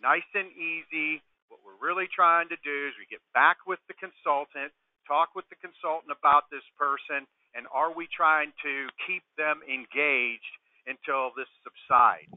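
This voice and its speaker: A man's voice: fairly high pitch, fairly even intonation, unhurried, dry recording. A man giving franchise sales advice on a conference call, emphatic and coaching, often tagging points with rhetorical questions. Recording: tinny dry phone line.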